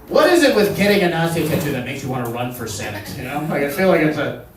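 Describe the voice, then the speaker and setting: A man's voice: fairly high pitch, sing-song, fast, echoey room, recorded from a distance, background noise. Rambling man doing stand-up. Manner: rambling, profane, laughing at own jokes. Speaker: stand-up comedian. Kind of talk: stand-up comedy set. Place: comedy club stage. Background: audience.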